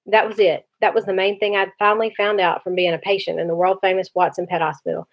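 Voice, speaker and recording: A woman teacher reading a novel aloud to her class in a steady storytelling manner. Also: lowish voice, fast, few pauses. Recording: dull lo-fi recording.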